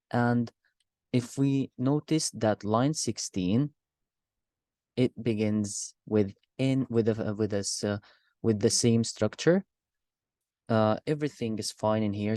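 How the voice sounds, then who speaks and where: A man's voice: mid-range voice, mellow, no echo, studio quality. A young man giving a class presentation, reading a poem and explaining its meter with some hesitant fillers and repeated words. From Gaza. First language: Arabic. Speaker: university student presenting.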